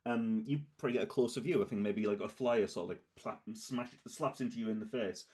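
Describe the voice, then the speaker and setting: A slightly low-voiced man narrates a tabletop game as its game master. He feels his way through each description, stopping and restarting often and leaning on filler words as he builds the scene for his players. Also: a little fast, darkish tone. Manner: hesitant, rambling with many fillers.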